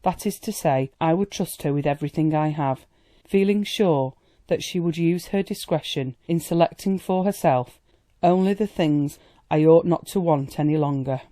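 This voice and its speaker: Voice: mid-range voice, normal speed, mellow, dry recording, natural voice. A reader voicing a worldly society woman who talks in a chatty, amused and indulgent way, in an audiobook. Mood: gushing.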